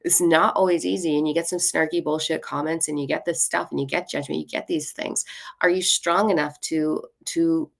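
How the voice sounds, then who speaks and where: A woman's voice: low-pitched, steady tone, moderate pace, creaky. A woman hosting a spiritual live stream, giving casual card readings in a blunt, playful way and swearing freely. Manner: self-mocking and playful.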